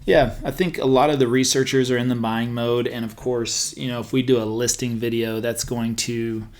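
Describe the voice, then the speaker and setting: A man's voice: mid-range voice, flat delivery, moderate pace. A man hosting a podcast, telling a rambling story in a casual way, with lots of fillers and restarts. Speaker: podcast host and real estate agent.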